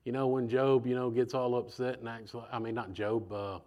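A man preaching a sermon in a conversational, animated way, acting out voices as he goes. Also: mid-range voice, brisk, lo-fi sound.

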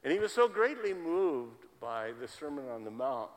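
A man's voice: a little high, very animated, moderate pace. A man preaching a sermon in a church. He repeats key words for emphasis. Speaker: pastor. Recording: long hall reverb.

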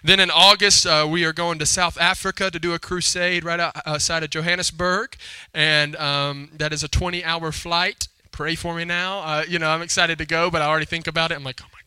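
Man in his thirties, pastor, energetic sermon, high voice, very bright and crisp tone. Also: fairly quick, no room sound. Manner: energetic, call-and-response with congregation.

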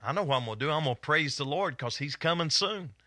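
A middle-aged East Kentucky man with a strong Appalachian accent leads a fervent Bible study, hollering with excitement as he teaches. His voice sits on the high side and moves at a quick pace, captured in a dry, clean studio recording.

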